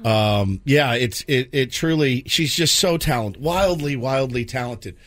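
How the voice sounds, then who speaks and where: A man hosting a radio show, chatting casually in an excitable, theatrical way. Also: medium pitch, measured pace. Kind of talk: casual studio chat.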